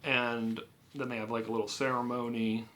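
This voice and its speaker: A man's voice: mid-range voice, flat delivery, moderate pace, bright, forceful tone. A man giving a casual, rambling spoken movie review, with frequent filler words and restarts. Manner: rambling, full of "you know" and "like". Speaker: film reviewer.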